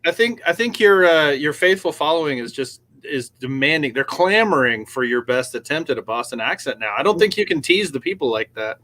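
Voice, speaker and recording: Lively teasing man with swooping pitch. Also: a little fast, hardly any pauses. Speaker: co-host. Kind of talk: casual banter.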